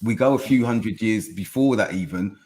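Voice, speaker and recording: A middle-aged man with a fairly low voice, speaking thoughtfully on a podcast. He is measured and deliberate, leaning on key words one at a time. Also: darkish tone. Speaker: podcast co-host. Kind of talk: reflective discussion. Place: podcast studio.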